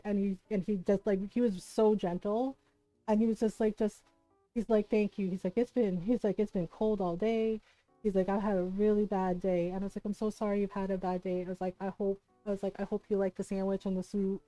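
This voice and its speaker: A woman with a fairly high voice tells a story while she games, playing out each person's lines. She talks close to a dry mic. Soft music plays behind her. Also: dry recording, low-quality recording. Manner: animated anecdote, acts out quoted voices, laughs often. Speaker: streamer. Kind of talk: casual storytelling while gaming.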